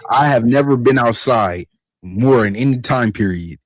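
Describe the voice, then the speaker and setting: A man hosting a podcast, ranting in a profane, animated way that climbs to near-shouting. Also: medium pitch, moderate pace. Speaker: podcast host.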